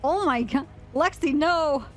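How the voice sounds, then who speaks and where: A woman chats casually as a cop in a role-play game. Her voice sits a little high, she teases and laughs easily, and faint music plays behind her. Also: measured pace.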